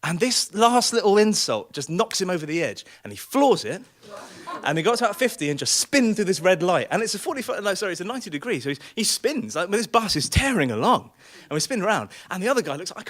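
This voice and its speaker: A man's voice: high voice, sing-song, fast talker, fairly bright tone. A man telling a comic personal story on a small theatre stage, self-deprecating and laughing through his lines.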